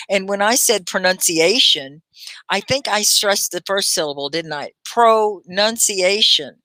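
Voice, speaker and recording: Bright-voiced encouraging woman teacher. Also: fairly low pitch, no room sound. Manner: encouraging, praising learners by name; models words slowly, syllable by syllable. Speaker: ESL teacher and live-stream host. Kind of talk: live-stream English lesson.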